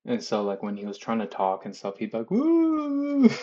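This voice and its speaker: A man's voice: lowish voice, level tone, quick pace, a little mellow, lo-fi sound. A man chatting casually as he draws, rambling and swearing with a loose, joking manner. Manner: loose, profane, chuckling storyteller. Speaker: artist drawing on stream. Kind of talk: casual rambling chat while drawing.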